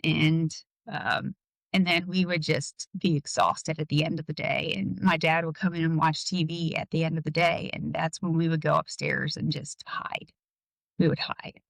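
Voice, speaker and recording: A woman guest in an interview, telling a personal story in a halting way, full of "like" and "um". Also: low voice, fairly even intonation, gravelly, dry recording, rough recording.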